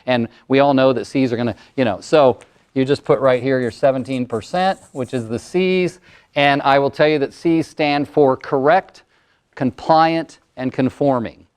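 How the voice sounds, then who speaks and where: A man in his sixties, a motivational speaker and coach, telling stories and acting out voices in a lively workshop talk to an audience. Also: mid-range voice, moderate pace, clear, resonant tone. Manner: animated storyteller, acts out client voices.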